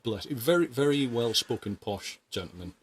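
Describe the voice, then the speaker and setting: A British man hosting a podcast, chatting casually and telling work stories in a relaxed, wry way. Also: mid-range voice, moderate pace, a little hiss or hum. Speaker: podcast host. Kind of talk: casual storytelling chat.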